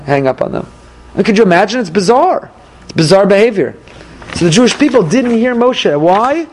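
A male rabbi teaching a weekly Torah class, animated and acting out dialogues in little quoted voices. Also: high-pitched, normal speed.

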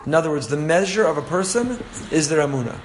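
A fast-talking, animated man with a slightly high voice leads a Torah class against slight background noise. Earnestly reading, translating and explaining passages, he often repeats phrases and chuckles at his own stories. He is young adult to middle-aged and father to a four-year-old.

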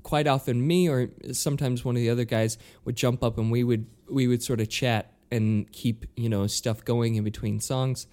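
Animated man telling a story. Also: mid-range voice, moderate pace, hardly any pauses. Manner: animated, acts out quoted voices, stammers when flustered. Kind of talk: casual storytelling chat.

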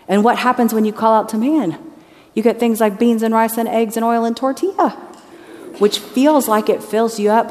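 A woman missionary telling a story in a sermon, lively and anecdotal, acting out the people in it. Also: mid-range voice. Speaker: missionary speaker. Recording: long reverb of a large hall.

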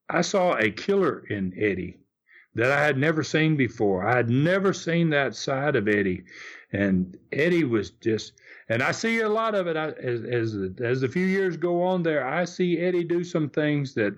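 An older man, a former wrestler and interview guest, telling a story in a halting way, often repeating words as he goes. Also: mid-range voice.

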